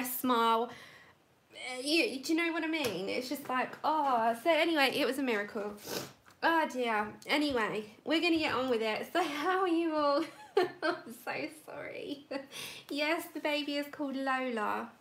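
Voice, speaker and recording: A woman's voice: high-pitched, fairly bright tone. A woman hosting a live colouring stream, chatting casually and rambling as she greets viewers by name. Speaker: livestream host.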